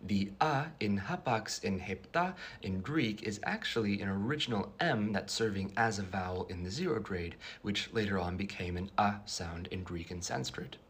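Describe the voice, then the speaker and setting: A man with a low, deep voice narrates a scripted explainer. He speaks in a measured, precise, lecturing way and lays out each point carefully. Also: lively intonation, fairly bright tone, a little hiss or hum.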